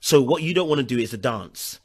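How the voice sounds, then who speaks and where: A man's voice: medium pitch, animated, a little fast, breathy edge. A man asking a rambling interview question, searching for words as he goes.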